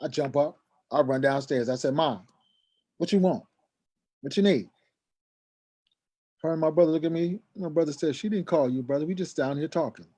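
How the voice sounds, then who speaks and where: A middle-aged man telling a personal story in a lively conversational way, acting out the dialogue and raising his voice sharply in the heated parts. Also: fairly high pitch, normal speed, long pauses. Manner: acts out quoted dialogue, voice rising sharply when agitated. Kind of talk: animated storytelling.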